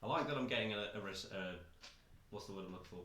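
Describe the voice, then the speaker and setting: A man with a New Zealand accent playing a tabletop game, jokey and quick with asides. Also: lowish voice, pushed and bright. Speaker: player. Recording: echoey room, faint noise.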